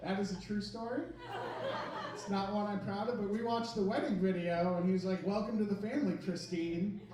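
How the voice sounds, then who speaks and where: This comic, a man in his thirties, speaks a little fast in a high-sitting voice with fairly even intonation, rambling self-deprecatingly through his club set. A far-off mic in the echoey venue catches audience laughs and a noisy background.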